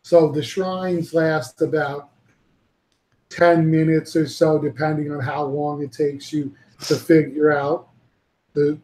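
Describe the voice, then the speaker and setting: A man's voice: fairly high pitch, flat delivery, takes it slowly, mellow, roomy sound, poor audio. A man hosting a casual panel chat, rambling and swearing freely as he talks and laughs easily. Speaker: podcast host.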